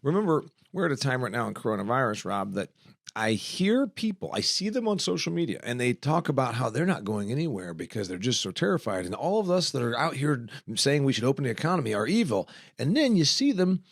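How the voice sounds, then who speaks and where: A man's voice: medium pitch, sing-song, brisk, vocal fry, no room sound, clean studio sound. A man hosting a talk podcast, ranting bluntly and animatedly with sarcastic asides. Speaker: podcast host. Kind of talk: casual interview chat. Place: studio in Arizona.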